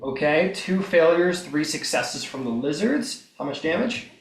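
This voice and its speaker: Animated man running a tabletop game. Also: fairly high pitch, measured pace, music in the background. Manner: scattered, apologetic, thinking aloud. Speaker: game master. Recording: roomy mic with faint noise.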